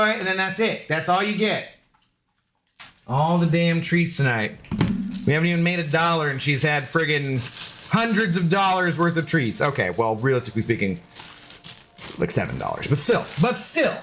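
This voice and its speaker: A man's voice: fairly high pitch, lively intonation, unhurried, long pauses, noisy background. A man streaming a game in casual, rambling chat, joking with his dog and greeting viewers.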